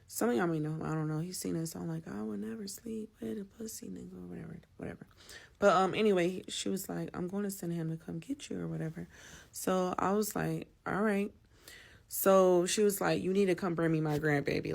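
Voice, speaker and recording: Woman spilling a story to her followers, kinda low voice, blunt, cusses a lot, talks right at you. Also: gravelly. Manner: chatty and blunt, swears freely, talks straight to listeners. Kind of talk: casual storytime to camera.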